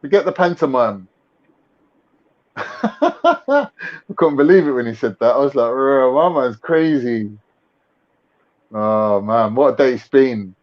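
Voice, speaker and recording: A man's voice: mid-range voice, big pitch swings, a little slow, pauses often. A young man with a London accent hosting a casual livestream chat, full of mocking slangy banter. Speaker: livestream host. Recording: lo-fi livestream audio.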